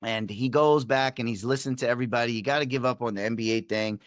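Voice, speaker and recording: A man, a performance coach and podcast guest, telling a story and acting out the dialogue with shifting pitch and energy. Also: fast, dry recording, studio quality. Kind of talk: animated storytelling in conversation.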